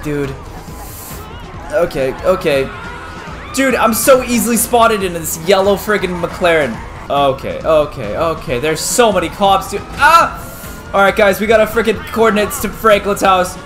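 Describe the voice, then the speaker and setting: Young male gaming YouTuber, higher-pitched voice, jumpy live commentary, faint music behind. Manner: excitable, swings from muttering to yelping. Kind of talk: game commentary.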